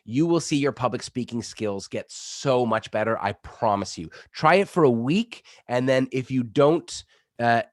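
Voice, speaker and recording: A man's voice: medium pitch, measured pace, dry recording. Guy coaching public speaking, upbeat and demo-heavy, bit sick, dry close mic. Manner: energetic, coaching with demonstrations. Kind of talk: online workshop instruction. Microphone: studio microphone.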